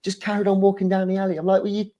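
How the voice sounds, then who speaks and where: A man's voice: high-pitched, very fast, dull audio. Rambling man chatting casually. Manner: rambling, animated, laughs while talking. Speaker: guest. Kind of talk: casual chat on a stream.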